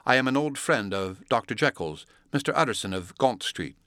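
A man voicing a respectable middle-aged lawyer who speaks in a measured, formal, earnest way, read from a classic story. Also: medium pitch, lively intonation, a bit bright, no echo, studio quality, natural voice. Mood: polite, probing.

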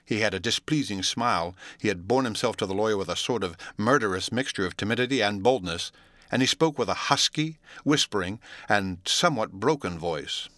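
Crisp, low-voiced male story narrator. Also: expressive, a little fast, bright, forceful tone, no echo. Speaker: audiobook narrator. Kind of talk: classic novel read aloud.

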